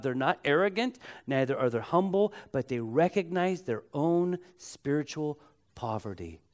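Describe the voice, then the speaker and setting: A man preaching a sermon as pastor, emphatic and repeating key phrases, slowing down to stretch words and drawing the congregation into call-and-response. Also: a little high.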